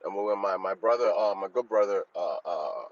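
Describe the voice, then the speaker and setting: A man calling into a show, arguing in a halting, stammering way and formally calling the host "sir". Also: deep voice. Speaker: caller. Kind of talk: heated call-in argument. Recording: dull call-in line with faint noise.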